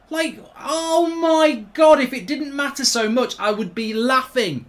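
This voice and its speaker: A man's voice: very high-pitched, unhurried, hardly any pauses. Exasperated, swearing man. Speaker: gaming channel host. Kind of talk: gameplay commentary.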